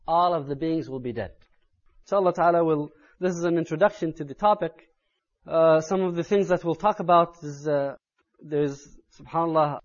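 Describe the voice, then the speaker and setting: High-voiced man preaching earnestly. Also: dull audio. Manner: earnest, building to loud, urgent emphasis. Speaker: Islamic preacher. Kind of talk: sermon.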